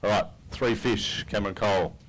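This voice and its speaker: A man's voice: lowish voice, fairly quick, a little hiss or hum, low-quality recording. An Australian man emceeing an outdoor fishing tournament weigh-in, chatting in a matey, upbeat way with each angler as he reads out their weights. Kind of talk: live weigh-in commentary. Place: outdoors at a boat ramp.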